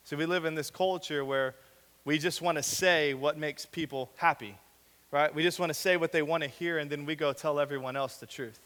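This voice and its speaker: Young man, youth-group preacher, chatty sermon with rhetorical questions, bright edge, big hall reverb. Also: on the high side, fairly quick, smooth. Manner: conversational preaching with acted asides, rhetorical questions. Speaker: young adult ministry director. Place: church hall.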